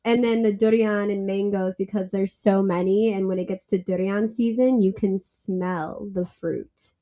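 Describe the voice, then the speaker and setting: A woman being interviewed as a travel company founder, chatty and animated, laughing easily as she tells stories. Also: medium pitch, measured pace. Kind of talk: casual interview.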